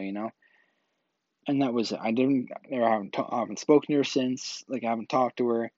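A man tells a personal story in a loose, rambling way, restarting sentences and leaning on filler words. His voice sits at an ordinary middle pitch. The recording is dry and a bit dull and lo-fi. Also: a little mellow, no echo. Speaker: vlog host telling a personal story. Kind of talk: casual storytelling.

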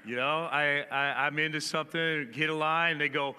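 Male pastor, bright forceful voice, easygoing humorous storyteller, long church-hall reverb. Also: on the high side, steady tone, moderate pace, clear, resonant tone. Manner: humorous storytelling, acts out dialogue. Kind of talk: conversational sermon.

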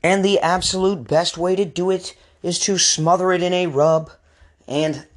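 A man's voice: sits high, fairly even intonation, unhurried. Ranting man on a comedy podcast. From US West Coast. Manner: ranting, rambling, crude jokes. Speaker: podcast host. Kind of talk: comedic monologue.

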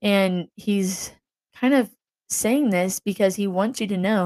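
A woman's voice: medium pitch, slow pace, a little mellow, no room sound. A young woman giving a casual, earnest faith talk, rambling with fillers and restarts. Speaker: Christian vlogger.

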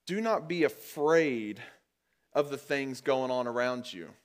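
A man preaching a sermon to his congregation in a conversational way, calling them guys and getting louder and higher when he drives a point home. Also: lively intonation, slow pace. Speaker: pastor. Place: church.

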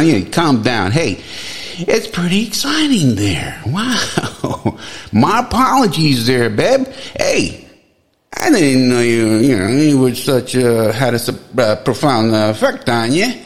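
A man giving mocking comedic commentary, heckling loudly with excited exclamations. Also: a little high. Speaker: comedy video host.

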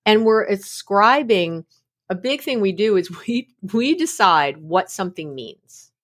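A woman's voice: medium pitch, a little slow. A middle-aged woman explaining mindfulness in casual conversation, acting out little scenes with laughs. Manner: animated storytelling with laughs and acted-out quotes. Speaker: guest expert on mindfulness.

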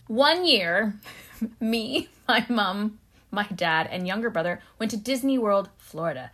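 A British woman co-hosting a podcast, chatting casually and telling a funny story with giggles and quick asides. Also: medium pitch, lively intonation, a bit bright. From Britain. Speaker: podcast co-host. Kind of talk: casual chat.

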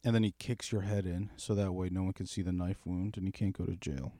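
A man's voice: low voice, level tone, a little fast, warm tone, no echo, studio quality. A man in casual chat, rambling and swearing as he spins a darkly comic story.

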